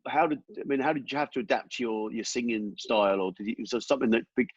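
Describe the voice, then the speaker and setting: A man hosting an interview, asking relaxed, hesitant questions. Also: mid-range voice, fast talker, breathy edge, no room sound, highs cut off. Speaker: interviewer host. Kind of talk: casual interview chat.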